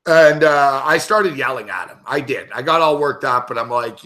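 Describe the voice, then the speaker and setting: A man's voice: mid-range voice, normal speed, few pauses, bright, forceful tone. A man on a sports betting show telling a heated story in casual, profanity-heavy talk.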